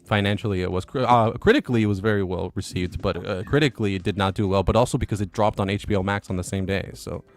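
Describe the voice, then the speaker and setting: A man hosting a casual livestream, reading viewer comments aloud in a relaxed way and chuckling between them. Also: on the low side, fast talker, hardly any pauses. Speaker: livestream host.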